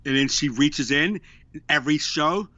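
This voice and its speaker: A young man co-hosting a podcast, telling stories in a lively way and acting out what people said. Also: a little high, measured pace, dry recording, dull audio. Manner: animated storyteller, acts out quotes. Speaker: podcast co-host. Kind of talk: casual chat, storytelling.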